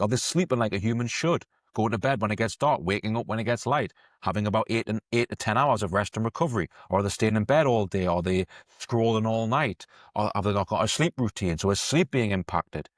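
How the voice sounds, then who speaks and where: A man's voice: lowish voice, dry recording, studio quality. A man, an eating coach telling a story in a chatty, conversational podcast monologue. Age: 30s.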